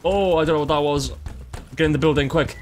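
A young male gaming streamer with a high-ish, fast voice gives playful let's-play commentary, joking, laughing often, teasing enemies, and repeating phrases.

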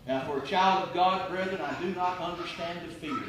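Evangelist, man, high and cutting delivery, hushed-to-shouting sermon, recorded live in a roomy church. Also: normal speed, slight background noise. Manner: impassioned, rhetorical questions, swings from hushed to near-shouting. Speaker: evangelist preacher. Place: church auditorium. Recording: echoey church room with faint ambience.

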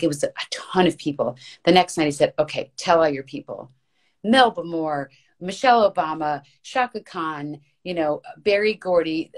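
Low-voiced earnest woman guest. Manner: earnest, emphatic, repeats words for stress; rambling, restarts mid-thought. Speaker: podcast guest, voice actress and coach. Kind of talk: casual conversational interview.

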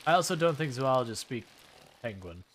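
A man's voice: mid-range voice, fairly quick. A man streaming a game, chatting casually and wryly while he plays and thinks aloud. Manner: relaxed, wry, thinks aloud while playing. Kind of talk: casual gameplay chat.

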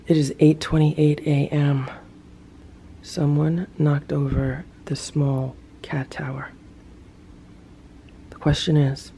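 A home cat vlogger talking to the camera in a calm, matter-of-fact voice of middling pitch. The narration is casual and unhurried, with a faint hiss of background noise behind it. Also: gravelly. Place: home and yard, in and out of doors.

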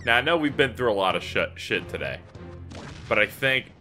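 A man's voice: mid-range voice, expressive, fairly quick, pushed and bright. Exasperated, swearing let's-play man. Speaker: gaming YouTuber. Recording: faint game music behind. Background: game music.

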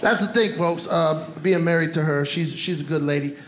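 A man with a Brooklyn accent works a comedy club crowd in a fairly high voice, punchy and playful, tossing asides to the audience. The stage sound is roomy, with clear room noise under it. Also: fairly even intonation, brisk. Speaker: stand-up comedian. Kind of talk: stand-up comedy set.

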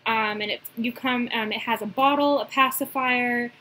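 A young woman, casually chatting through a shopping haul, gushing and filling pauses with "um". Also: a little high, fairly even intonation, bright, forceful tone, low-quality recording. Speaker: reborn doll collector showing a haul.

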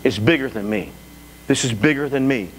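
A man preaching a sermon as pastor to a live congregation, talking in an animated way with frequent restarts. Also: medium pitch, normal speed. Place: church sanctuary before a congregation. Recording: echoey church hall with faint hum.

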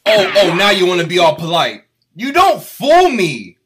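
A man doing loud, profane, mocking comedy commentary over a cartoon, with light music behind him. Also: high-pitched, huge pitch swings, normal speed, background noise.

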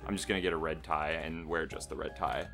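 A man's voice: rumbling low, fast. A man chatting casually while playing a video game, swearing and running himself down. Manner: self-deprecating, swearing. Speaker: let's play commentator. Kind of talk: casual gaming chat. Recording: background game music.

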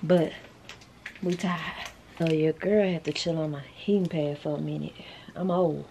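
A woman's voice: deep voice, steady tone, normal speed, gravelly, mellow, a little hiss or hum. A woman hosting her own vlog, chatting casually and informally to the camera as she goes about her day. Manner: chatty, informal, Southern-style slang. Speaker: vlog host.

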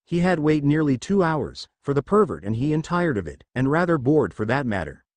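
A man narrating a fan fiction audiobook in an expressive storytelling manner. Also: on the high side, a little fast, no room sound.

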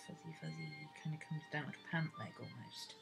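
A woman's voice: low-pitched, flat delivery, quick pace, vocal fry. A woman, chatting and thinking aloud as she teaches a drawing lesson. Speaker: art teacher. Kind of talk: casual drawing tutorial. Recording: music playing under the voice.

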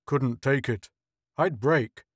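A man's voice: medium pitch, slow, slightly rough, no room sound, studio quality. A man voicing Charlesworth, a big, blunt, plain-spoken crewman in an audiobook story. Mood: rueful.

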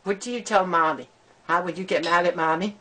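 A woman's voice: on the low side, fairly quick, bright, forceful tone. A woman at home coaxing her pet in sing-song baby talk, with frequent gasps and laughs. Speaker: pet owner talking to her bird. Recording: noisy home camera recording.

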